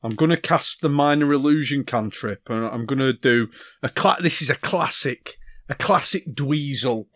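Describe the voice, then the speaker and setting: A man playing a tabletop game talks through his next move in a casual way, full of ums. His voice sits in a middle pitch, and it is recorded close and dry. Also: moderate pace, a bit bright, no room sound. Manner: casual, explains his plans with fillers. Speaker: player.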